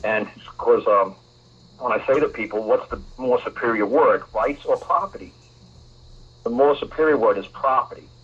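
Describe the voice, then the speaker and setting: A man hosts a talk radio show and lectures a caller in an emphatic, repetitive way. His voice is husky. The broadcast sounds muffled and lo-fi. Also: medium pitch, moderate pace.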